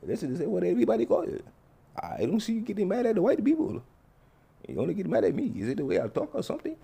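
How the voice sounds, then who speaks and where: A man doing a high, meek, overly polite man. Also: wildly swooping pitch, quick pace, creaky, mellow, husky, heavily acted. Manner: formal, stiff politeness. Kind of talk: comedy skit with character voices.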